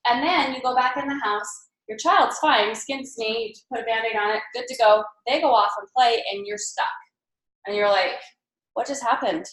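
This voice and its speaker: A mother presenting at a team training to a live group, telling animated stories and acting out quoted voices. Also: on the high side, moderate pace. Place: meeting room with a live audience. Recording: echoey room.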